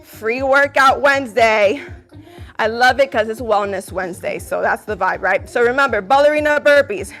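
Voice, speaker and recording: A high-voiced woman leads a live workout, cheering her viewers on and counting down reps. She sounds a little out of breath, with quiet music playing behind her. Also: moderate pace. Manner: upbeat, encouraging, counting reps. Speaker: fitness instructor.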